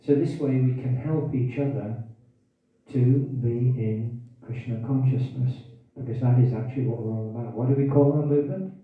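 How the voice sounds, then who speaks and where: A man's voice: mid-range voice, normal speed. A man giving a scripture class, quizzing the audience and repeating key phrases, with hiccups. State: has hiccups. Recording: tinny, distant, echoey room recording.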